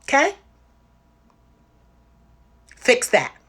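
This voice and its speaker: A woman's voice: extremely slow, a bit bright. Tearful, emphatic woman on a livestream. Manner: emphatic, repetitive, direct. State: tearful and exhausted. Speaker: livestream host. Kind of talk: impassioned livestream talk.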